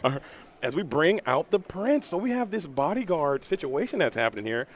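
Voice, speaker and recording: Fast, animated male game commentator. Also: a little high, slight background noise. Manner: excitable, joking, quick-fire. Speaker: tournament commentator. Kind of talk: play-by-play card game commentary.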